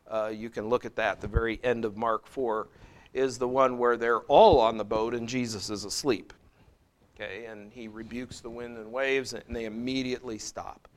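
A man's voice: medium pitch, fairly bright tone. A middle-aged man leading a Bible study, talking conversationally with asides and restarts, and lifting his voice when he reads scripture aloud.

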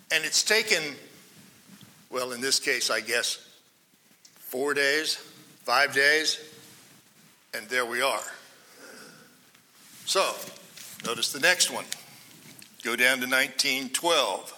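A man preaching a Bible-teaching sermon, acting out quoted cries loudly, then dropping to hushed asides. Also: a little high. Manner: dramatic, swings between loud quoted cries and hushed asides. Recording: long hall reverb.

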